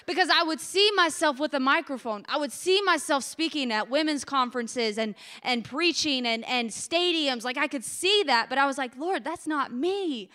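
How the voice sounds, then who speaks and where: A woman's voice: sits high, expressive, normal speed, few pauses, pushed and bright. A woman preaching a testimony sermon with passion, her voice cracking with emotion as it builds.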